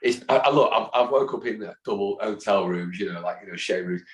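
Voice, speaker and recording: Deep-voiced man telling animated stories. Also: fairly quick. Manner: animated storyteller who acts out quoted voices. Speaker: guest, football fan. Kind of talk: casual interview anecdotes. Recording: echoey room.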